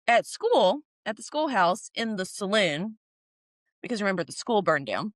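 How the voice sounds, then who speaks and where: Woman, podcast co-host, casual recap chat, lively, laughs a lot, dry close sound. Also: mid-range voice, moderate pace, no room sound. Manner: animated, laughs often, acts out characters' lines.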